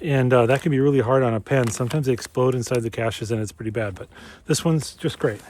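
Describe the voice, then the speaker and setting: A man's voice: mid-range voice, fast talker, darkish tone, a little hiss or hum. A man from Minnesota narrating a casual geocaching vlog outdoors on a winter trail, chatty and enthusiastic, talking straight to his viewers. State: slightly out of breath while walking fast. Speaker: geocaching vlogger.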